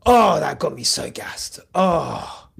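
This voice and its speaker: A man hosting a podcast, giving excitable, shouty live reaction commentary and swearing a lot. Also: on the high side, slow, creaky, slightly rough. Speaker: podcast host.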